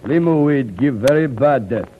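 A man's voice: mid-range voice, expressive, moderate pace, a little hiss or hum, close to an everyday voice. A man playing a loyal jungle companion who speaks in clipped broken English, 1940s radio acting on a muffled old recording. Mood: grave.

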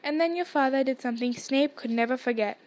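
Old wizard headmaster, mild and amused, read by a woman with a high voice; storybook. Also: fast, a little mellow, natural voice.

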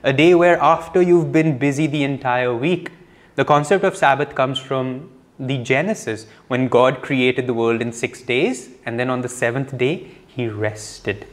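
A man, co-hosting a spiritual discussion podcast, explaining and telling stories in an animated way. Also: mid-range voice, a little slow. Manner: animated storytelling with explanations and laughter. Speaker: podcast co-host.

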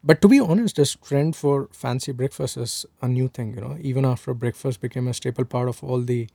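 Man from india, mellow dark voice, explanatory podcast talk, dry close sound. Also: medium pitch, a little fast, vocal fry, breathy edge, no echo. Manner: explanatory, relaxed, with fillers. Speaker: podcast co-host. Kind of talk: casual history chat.

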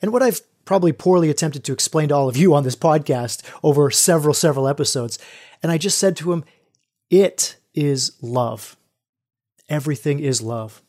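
A middle-aged man hosts a solo podcast as a spiritual coach, speaking in a slightly high voice. He talks earnestly and reflectively, addressing his listeners as brothers. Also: quick pace, darkish tone.

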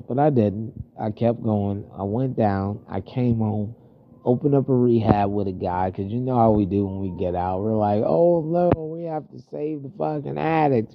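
A man in his thirties from Florida, telling rambling, profane stories about his past in a casual monologue, a bit stuffy-nosed. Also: on the low side. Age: 30s. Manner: profane, rambling, laughing at himself. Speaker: storyteller.

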